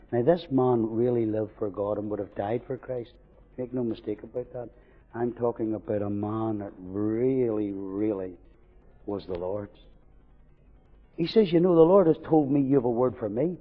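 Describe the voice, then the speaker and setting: A man preaching a sermon, swinging from loud fervent declarations to hushed storytelling. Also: mid-range voice, breathy edge. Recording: dull recording with long hall reverb.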